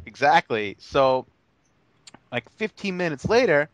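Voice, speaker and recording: Animated young man telling a work story. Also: fairly high pitch, unhurried, no room sound, lo-fi sound. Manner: animated storyteller, stammers and restarts, swears freely. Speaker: podcast co-host. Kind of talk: casual podcast chat.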